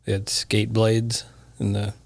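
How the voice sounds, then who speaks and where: A man co-hosting a casual podcast, wry and self-deprecating in a low-key way. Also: completely flat delivery, takes it slowly, vocal fry, dry recording. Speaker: podcast co-host.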